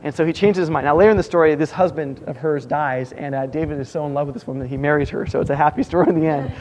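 A man's voice: a little high, rapid-fire, a little mellow, a little hiss or hum, rough recording. A man, a pastor, preaching a conversational sermon and acting out the people in his stories. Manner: conversational preaching, acts out quoted voices.

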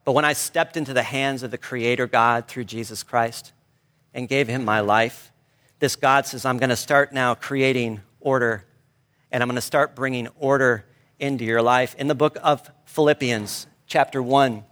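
A middle-aged man preaching a sermon, telling a family story in an animated, conversational way. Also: mid-range voice, moderate pace. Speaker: pastor.

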